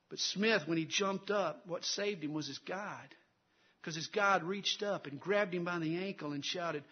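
High-voiced preaching man, muffled sound. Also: a little slow, husky. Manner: dramatic storytelling, swells loud then drops low. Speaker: pastor. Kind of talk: sermon.

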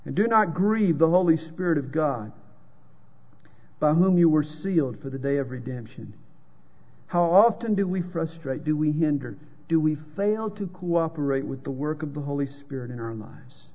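Reading scripture and telling folksy jokes, this Southern pastor preaches with a drawl in a slightly high, expressive, mellow voice that's a bit rough, at normal speed. The audio is dull and lo-fi, with long hall reverb.

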